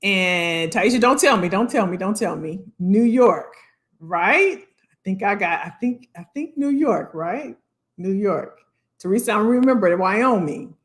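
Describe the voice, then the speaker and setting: A woman's voice: mid-range voice, expressive, measured pace. A woman hosting a casual livestream, upbeat and chatty, greeting viewers by name and talking straight to the commenters. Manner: talks to unseen commenters. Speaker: livestream host, career coach.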